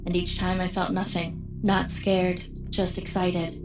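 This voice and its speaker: A woman reads a first-person story in an even, scripted way, with little lift or fall in her voice. Loud music runs under her the whole time. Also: lowish voice, a little slow. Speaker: story narrator. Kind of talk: scripted narration. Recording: narration played with loud background music.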